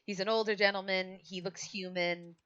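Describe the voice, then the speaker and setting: A woman's voice: mid-range voice, steady tone, moderate pace, a bit bright, smooth. A woman narrating a tabletop game as game master, casual and hesitant, on a dull lo-fi mic.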